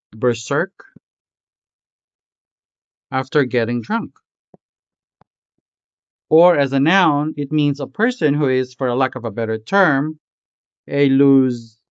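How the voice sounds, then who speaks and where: A man's voice: medium pitch, clean tone, dry recording, highs cut off. A man, a Hiligaynon speaker, narrating a scripted language lesson and carefully pronouncing example words. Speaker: language tutor.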